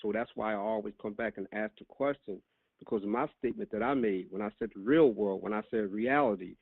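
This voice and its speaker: A man hosting a call-in podcast, speaking deliberately and pressing his questions. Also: on the low side, gravelly, slightly rough, no echo. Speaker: podcast host. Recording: tinny phone line.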